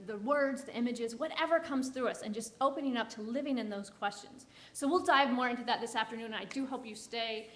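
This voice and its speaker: Woman, guest speaker; gentle, encouraging sermon delivery with a slightly raised pitch, guiding listeners into meditation. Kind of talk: inspirational sermon leading a guided meditation. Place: church service.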